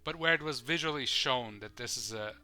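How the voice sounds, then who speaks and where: A man's voice: medium pitch, brisk, sharp tone, clean tone, faint music behind. A man rambling casually and swearing as he plays and comments on a live game stream. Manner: rambling, swears casually, thinks aloud while playing.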